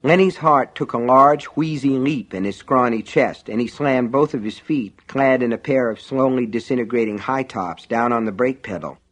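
A man reading an audiobook in a steady, wry storytelling manner. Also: mid-range voice, normal speed, hardly any pauses. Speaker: narrator. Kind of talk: audiobook narration.

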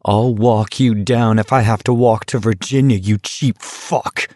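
A man voicing a tired young male walker, terse and quick to flare into anger. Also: on the low side, mellow, no echo, studio quality, natural voice. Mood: angry. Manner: terse, flaring into angry outbursts.

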